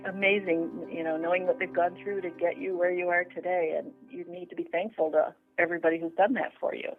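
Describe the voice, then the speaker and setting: A woman's voice: fairly low pitch, little pitch movement, brisk, soft background music. A woman calling in as a guest, talking about her family history in an enthusiastic, bubbly way. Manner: enthusiastic, bubbly, laughs easily. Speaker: guest caller. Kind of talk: casual chat. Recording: tinny phone line.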